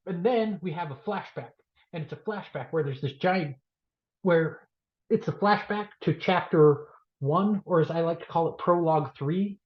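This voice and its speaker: Animated man recapping a book, roomy sound. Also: a little high, normal speed. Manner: animated, jokey, acts out scenes. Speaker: podcast co-host. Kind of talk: excited comedic book recap. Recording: roomy, dull lo-fi podcast audio.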